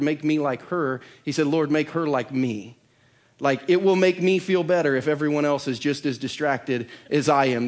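Earnest male pastor preaching. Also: on the high side. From United States. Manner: earnest preaching, drops to a softer voice to drive points home. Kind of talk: sermon. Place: church.

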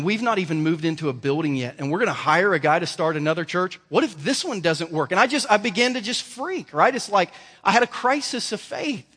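A man's voice: a little high, a bit bright. A male pastor delivering a sermon in an emphatic, storytelling way. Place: church sanctuary. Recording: reverberant church hall.

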